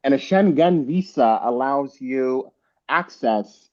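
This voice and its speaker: Man, slow talker, mellow tone, emphatic, slightly muffled video call. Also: medium pitch, lively intonation. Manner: emphatic, repeats points. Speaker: guest panelist. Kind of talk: casual group video chat.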